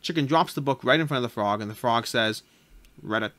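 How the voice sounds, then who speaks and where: Subdued, deadpan male joke-teller. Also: quick pace, no room sound. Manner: low-key, subdued, deadpan joke-telling with self-corrections. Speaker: board game channel host. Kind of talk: casual chat, telling a joke. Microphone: camera mic.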